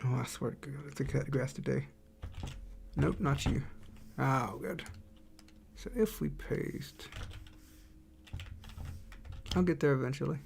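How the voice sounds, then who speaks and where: Gravelly man thinking aloud on stream. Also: mid-range voice, takes it slowly, pauses often, darkish tone, a little hiss or hum. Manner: thinks aloud, rambling, reads chat aloud. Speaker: indie game developer streaming. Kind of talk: casual livestream chat while drawing.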